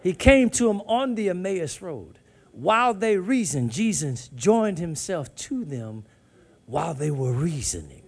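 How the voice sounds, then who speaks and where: Male preacher, very high pitched, swings from quiet to fervent shouts. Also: big pitch swings, measured pace, breathy edge. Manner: call-and-response preaching, swings from hushed to shouting. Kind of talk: sermon.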